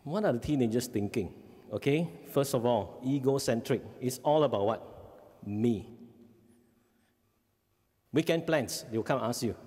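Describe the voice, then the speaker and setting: A man with a Singaporean English accent gives a parenting seminar talk as a family life educator, animated and often checking in with the audience. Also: medium pitch, normal speed. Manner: animated, acts out kids' voices, frequent "okay?" checks. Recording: long hall reverb.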